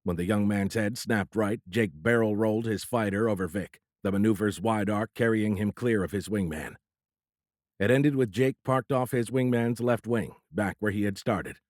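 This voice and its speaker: A male audiobook narrator with a low voice, reading in a steady, measured way. The recording is close-miked and dry, with no room sound behind it. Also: dry recording. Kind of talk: scripted narration.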